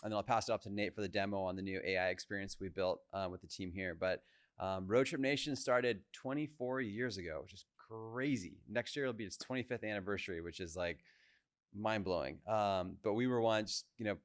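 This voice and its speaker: A man's voice: fairly low pitch, brisk, dry recording. A man, a co-founder, telling his organization's story in a casual, chatty conference talk full of "like" and "you know". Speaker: co-founder giving a presentation.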